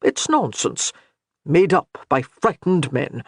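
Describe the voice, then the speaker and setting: A man reading as a kindly old Highland priest who reassures with light humor. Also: very animated, takes it slowly, no room sound, clean studio sound, heavily acted. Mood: reassuring.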